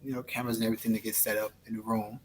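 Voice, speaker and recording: A man's voice: fairly low pitch, level tone, racing, a little hiss or hum. A man as an interview guest, telling a story in a laid-back, rambling way full of fillers. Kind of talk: casual storytelling.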